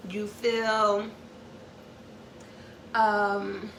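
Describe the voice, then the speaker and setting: A woman's voice: mid-range voice, little pitch movement, extremely slow, creaky, a bit bright, slight background noise. A woman hosting an informal educational talk, explaining step by step, repeating her points and checking in with "okay?". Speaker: host. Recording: echoey room, far from the mic.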